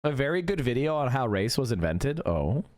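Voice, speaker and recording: A man's voice: mid-range voice, very animated, moderate pace, a little mellow, dry recording, clean studio sound. A young man streaming, ranting emphatically and profanely and answering chat. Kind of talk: casual livestream commentary.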